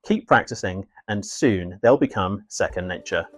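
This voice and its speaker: A man narrating a scripted English lesson in a clear, measured, instructive way. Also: deep voice, lively intonation, soft background music. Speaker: English teacher.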